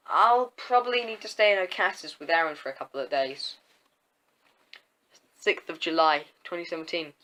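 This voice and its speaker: A young man reading his own homemade diary story aloud, halting often and restarting words. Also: on the high side, bright, forceful tone, rough recording. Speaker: story reader and channel host.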